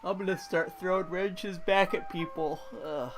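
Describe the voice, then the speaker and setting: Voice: medium pitch, steady tone, normal speed, music in the background. Tired, swearing game streamer. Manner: ranting, profane, exasperated. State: exhausted, yawning. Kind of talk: casual game-stream chat.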